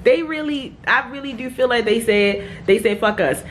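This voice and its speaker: A young woman talks straight into her phone camera for a casual vlog. She sounds animated and exasperated and swears freely. A faint background hiss runs under her voice. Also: a little high, moderate pace. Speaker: vlogger. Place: hotel room at night.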